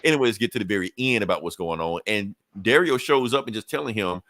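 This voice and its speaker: A man hosting a podcast, recapping a comic in a casual, animated way, swearing freely and briefly acting out characters' lines. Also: fairly low pitch, fast, few pauses, dry recording. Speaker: podcast host.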